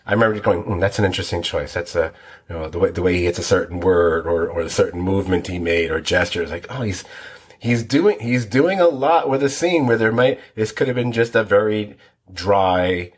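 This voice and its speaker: A man's voice: low-pitched, animated, a little fast. A man co-hosting a TV podcast, rambling through details in a casual, self-deprecating way. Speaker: podcast co-host. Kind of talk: casual chat.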